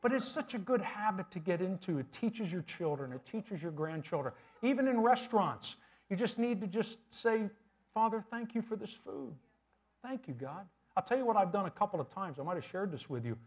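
A middle-aged male pastor preaching a sermon in a church, animated and conversational, with humorous asides. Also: high voice, brisk, husky.

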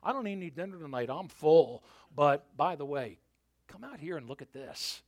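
An excited little boy gushes to his mom, breathless and eager, voiced by a man. The voice sits high and bounces up and down. It is a storybook-style put-on voice within a sermon. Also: normal speed, no room sound, clean studio sound.

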